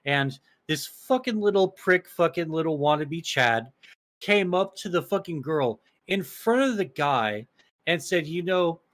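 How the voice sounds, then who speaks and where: A man's voice: a little high, lively intonation, a little slow, fairly bright tone. A young man co-hosting a casual podcast, telling stories in a rambling, profane way, full of restarts and fillers. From small town. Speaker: podcast co-host.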